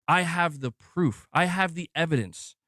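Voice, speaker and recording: A man's voice: fairly high pitch, measured pace, fairly bright tone, dry recording, clean studio sound. A man ranting heatedly and defensively, swearing often and mocking his critics. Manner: agitated, profane, mocks critics in put-on voices.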